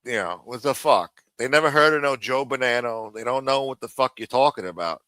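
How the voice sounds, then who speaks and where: A man hosting a live stream, ranting in a profane, sarcastic and animated way. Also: medium pitch, a little fast, clean tone, no echo. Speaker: live show host.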